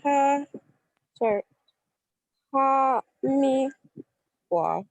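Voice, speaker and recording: Woman student, video call, slow and hesitant, slightly high voice, dry sound. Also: animated, no echo, low-quality recording. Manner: hesitant, apologetic. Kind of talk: reading aloud in an online class.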